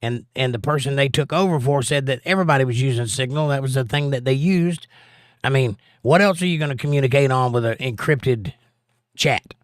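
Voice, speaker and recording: A man's voice: medium pitch, a little fast, no room sound, clean studio sound. A man hosting a casual livestream, reading viewer comments aloud in a folksy, drawling way. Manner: laid-back, folksy, drawling. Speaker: livestream host.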